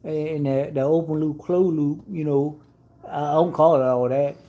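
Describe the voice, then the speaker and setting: A man putting on a slow, dim-witted, bumbling man's voice with broken grammar as a mocking impression. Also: on the high side, steady tone, warm tone, pitched above the performer's own voice, close to an everyday voice.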